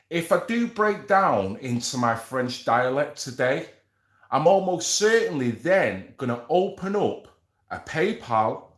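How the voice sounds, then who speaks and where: A man who hosts a live stream, chatting casually and rambling with slang asides as he reads from an article. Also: fairly high pitch. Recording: echoey room.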